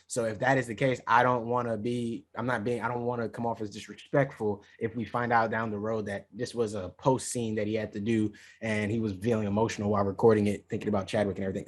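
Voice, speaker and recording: A man co-hosting a podcast in casual chat, animated and hedging. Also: lowish voice. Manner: animated, hedging, talks over others. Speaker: podcast co-host.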